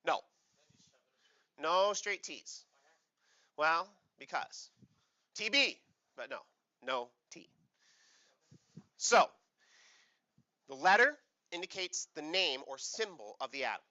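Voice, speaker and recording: A man's voice: fairly high pitch, takes it slowly, long pauses, highs cut off. A male chemistry teacher giving a playful classroom lecture and quizzing his students. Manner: playful, animated, asks the class questions.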